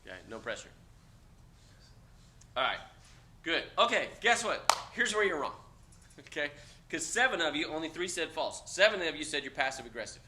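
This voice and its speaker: A man lecturing a class of cadets, blunt and joking, with loud outbursts. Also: on the high side, big pitch swings, normal speed, long pauses, slight background noise. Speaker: instructor.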